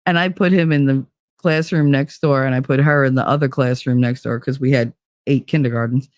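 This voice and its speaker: A middle-aged woman, a former kindergarten teacher, telling a story in casual talk and acting out the people she quotes with big jumps in pitch. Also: fairly even intonation, fairly quick, a little mellow, no room sound, clean studio sound.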